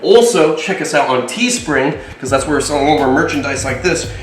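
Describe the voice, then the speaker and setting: A young man hosts a casual animal vlog from an indoor reptile room, excitable and full of jokes. His voice sits a little high and comes from back off the mic. A very echoey room rings around him. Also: fairly quick, far from the mic, faint music behind. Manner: excitable, energetic, jokey. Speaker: reptile keeper and vlog host.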